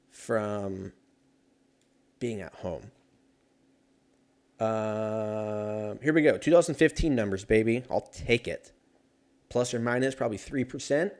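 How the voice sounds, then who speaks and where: A man's voice: fairly low pitch, a little mellow. A man talking casually on his own, rambling and joking with plenty of swearing. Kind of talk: casual solo chat.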